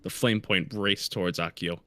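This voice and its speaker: A man, a guest reader, reading a fan roleplay aloud in a steady way. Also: deep voice, normal speed, no echo. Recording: faint music behind.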